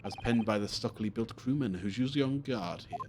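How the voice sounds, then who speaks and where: A man voicing a theatrical, self-assured British detective, reading with a grand, drawn-out delivery over game music. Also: lowish voice, background noise, natural voice. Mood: grandiose.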